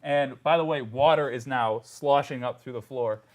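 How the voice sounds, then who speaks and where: Animated male game master. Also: mid-range voice, normal speed. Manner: animated storytelling, laughs often. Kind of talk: narrating a tabletop game.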